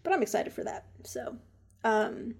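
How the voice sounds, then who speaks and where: Chatty excitable young woman. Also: a little high, a little slow, vocal fry, breathy edge. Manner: chatty, excitable, lots of fillers. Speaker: co-host. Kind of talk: casual chat about video game news.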